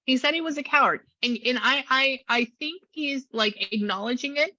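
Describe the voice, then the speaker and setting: Bright, chatty woman medium. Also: high-pitched, normal speed, dry recording, highs cut off. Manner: chatty, animated, relays a spirit's words in quotes. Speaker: spiritual medium. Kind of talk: casual reading session with a client.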